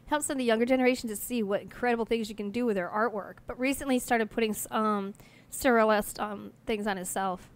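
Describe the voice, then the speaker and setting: A woman's voice: fairly high pitch, steady tone, quick pace, clear, resonant tone. A woman co-hosting a casual radio talk show, showing videos with enthusiasm. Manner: enthusiastic, presents online videos.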